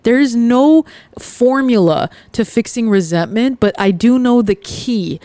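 A woman hosting her own podcast, talking earnestly and confessionally, with frequent pauses and fillers. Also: on the high side, mellow, no echo. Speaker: podcast host. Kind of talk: candid personal podcast monologue.

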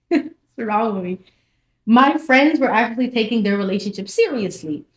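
Young woman, higher voice, vlog testimony, lively, repeats herself for emphasis; roomy echo. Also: a little slow. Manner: animated storytelling, repeats phrases for emphasis. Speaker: vlogger sharing her testimony. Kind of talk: casual personal testimony. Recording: echoey room.

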